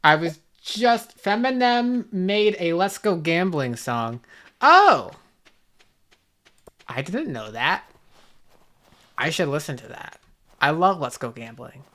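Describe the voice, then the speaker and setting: A woman's voice: lowish voice, a little slow. A woman streaming a game, chatting casually with viewers in a rambling, self-mocking way. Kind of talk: casual gaming stream chat.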